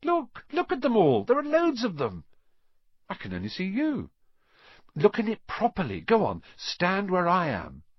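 A man voicing an eager eleven-year-old boy wizard in an audiobook reading, urgent and pitched up. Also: wildly swooping pitch, normal speed, breathy edge, no room sound, lo-fi sound, heavily acted.

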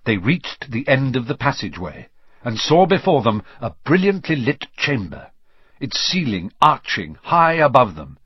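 Male storybook narrator, husky, expressive, pitch moves a lot. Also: moderate pace, dry recording. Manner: expressive, varied reading. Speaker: audiobook reader. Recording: slightly dull lo-fi recording.

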